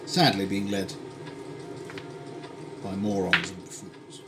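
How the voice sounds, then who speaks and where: A low-voiced British man speaks slowly and evenly over heavy background noise as he cooks on a live stream in his home kitchen. He chats wryly, drifting into tangents and dry asides.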